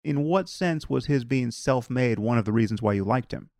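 Gravelly-voiced man hosting a podcast. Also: mid-range voice, animated, a little mellow, no room sound, studio quality. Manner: measured, argumentative, many "you know" fillers. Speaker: podcast host. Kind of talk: conversational interview.

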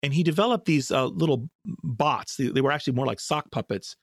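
A man's voice: fairly high pitch, expressive, fairly quick, vocal fry, dry recording, clean studio sound. A man answering interview questions in a thoughtful, rambling way, often restarting his sentences. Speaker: guest scientist.

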